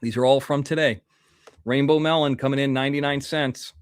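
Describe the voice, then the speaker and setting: A man's voice: mid-range voice, steady tone, brisk, clean tone, no room sound, studio quality. A man hosting a casual livestream, rambling as he reads out viewer donations while nursing a toothache. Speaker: livestream host.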